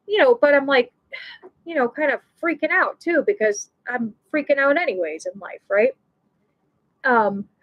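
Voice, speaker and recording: A woman with a high voice tells a personal story on her live show. She talks in an emotional, rambling way, often restarting her sentences and filling the gaps with "you know". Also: dull audio.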